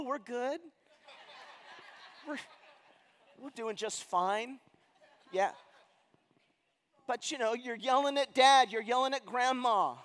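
A male pastor preaching a sermon with emphatic delivery, asking rhetorical questions and swinging between loud and quiet passages. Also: high voice. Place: large church sanctuary. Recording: long hall reverb.

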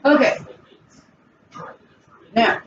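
A woman hosting a casual cooking vlog in her home kitchen, chatting the viewer through each step. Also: drawn-out words. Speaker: cooking channel host. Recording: distant, dull, noisy home recording.

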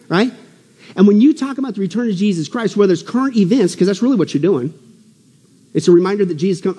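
High-voiced preacher in a reverberant hall. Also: male voice, lively intonation, fast, husky. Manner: exuberant, swings between loud exclamations and low asides. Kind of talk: conference sermon. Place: church hall.

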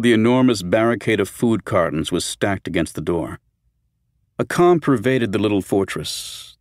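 A man's voice: low voice, no echo, studio quality. A man reading a horror novel aloud as an audiobook narrator, with a tense, dramatic delivery.

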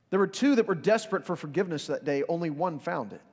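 A man preaching a sermon as pastor, earnest, dropping soft for quoted lines and building to urgent appeals. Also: a little high, quick pace, vocal fry, few pauses. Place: church sanctuary. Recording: long reverb of a large hall.

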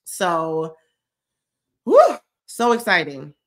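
A woman's voice: lowish voice, huge pitch swings, drawn-out words. A woman, a little stuffy from a cold, chatting effusively as she hosts a fitness check-in livestream and answers viewers' comments. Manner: chatty, effusive, says y'all often. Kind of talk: casual livestream chat reading comments.

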